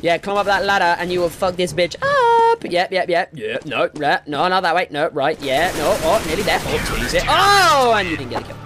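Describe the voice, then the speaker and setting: Excitable sweary young man gaming. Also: brisk, few pauses. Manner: excitable, sweary, yelps up into squeaky highs. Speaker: gaming YouTuber. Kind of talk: live gameplay commentary. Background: game music and gunfire.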